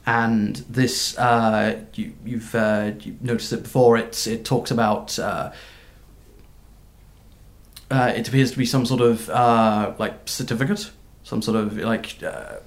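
A man narrating as game master of a tabletop game, halting and full of fillers. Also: mid-range voice, steady tone, reverberant. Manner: halting, with many fillers and restarts.

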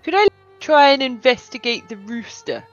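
A woman playing a tabletop game with a playful, bargaining manner. Her voice sits a little high and swings widely in pitch. The audio is dull and lo-fi, with faint music underneath. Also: expressive, moderate pace. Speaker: player. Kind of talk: casual tabletop play.

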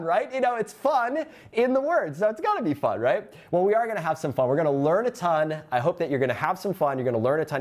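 A man hosting a live online marketing symposium, talking to camera with energetic, upbeat calls to action and reading out chat comments. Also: on the high side.

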